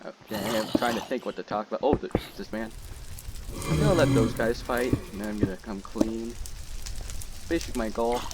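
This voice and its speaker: A young man giving casual gameplay commentary as a channel host, jokey and excitable, shouting when frustrated. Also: fairly low pitch, moderate pace, over loud music, rough recording. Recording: loud background noise.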